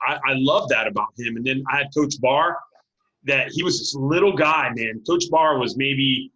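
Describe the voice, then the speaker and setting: A man in his late forties, a high school football coach, telling stories as an interview guest and acting out what people said. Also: normal speed, lo-fi sound. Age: late 40s. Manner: animated storyteller, acts out quotes, laughs often. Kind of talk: casual interview storytelling.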